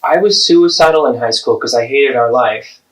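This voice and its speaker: A man's voice: mid-range voice, moderate pace. A man, therapist and host, acting out an adult child confronting a parent in a role-play, earnest and pleading.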